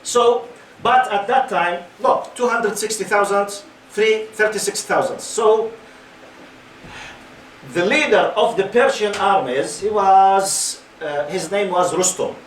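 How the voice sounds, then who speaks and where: A man's voice: high-pitched, slow pace, a little hiss or hum. Man in his 50s, lecturer; engaging, quizzes the audience; recorded from a distance in a reverberant hall. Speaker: Islamic lecturer. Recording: roomy hall, mic at a distance.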